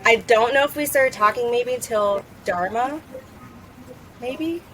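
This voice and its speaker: A woman's voice: fairly high pitch, measured pace, a bit bright, slight background noise, poor audio. A woman in her thirties from North Carolina, chatting casually and laughing often as a guest. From Charlotte, North Carolina. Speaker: guest, plant grower. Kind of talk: casual chat.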